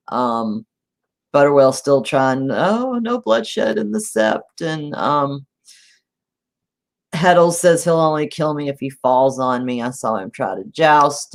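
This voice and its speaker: A woman co-hosting a casual book chat, retelling scenes with many pauses, fillers and laughs. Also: a bass voice. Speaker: podcast co-host.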